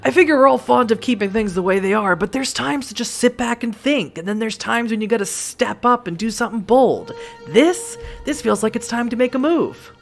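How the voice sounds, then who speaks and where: Game figure: gruff, gravelly smoker man voiced by a woman, blunt and ready to act, soft music underneath. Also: extremely high pitch, animated, brisk, heavily acted. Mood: resolute. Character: gruff chain-smoking man, blunt and bold.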